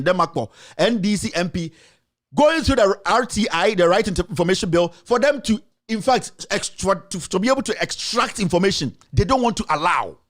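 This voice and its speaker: Fiery Ghanaian man, lively pitch. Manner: fiery, accusatory, rhetorical questions. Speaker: journalist and show host. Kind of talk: heated political commentary.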